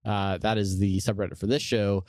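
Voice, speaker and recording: A man's voice: on the low side, little pitch movement, normal speed, darkish tone, dry recording, studio quality. A man co-hosting a podcast, chatting casually with a laid-back, joking manner and many fillers. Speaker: podcast co-host.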